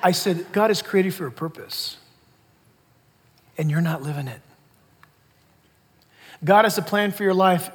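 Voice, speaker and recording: A middle-aged man preaching a sermon as a pastor, emphatic, with sudden loud exclamations. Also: extremely high pitch. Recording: long hall reverb.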